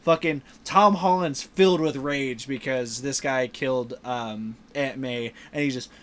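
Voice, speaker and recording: A man's voice: mid-range voice, a little slow, a bit bright. A man hosting a casual podcast movie review, retelling scenes animatedly with lots of fillers. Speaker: podcast host.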